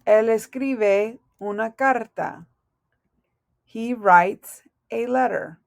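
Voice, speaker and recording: A woman's voice: on the high side, takes it slowly, creaky, no room sound, clean studio sound. A woman teaching a recorded language lesson, patiently spelling out verb endings letter by letter. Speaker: Spanish teacher.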